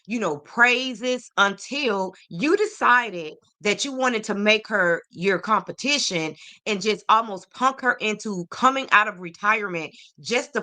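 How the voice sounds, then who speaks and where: Forceful, sassy woman podcast host. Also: mid-range voice. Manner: sassy, opinionated, talks to viewers. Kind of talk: celebrity gossip commentary.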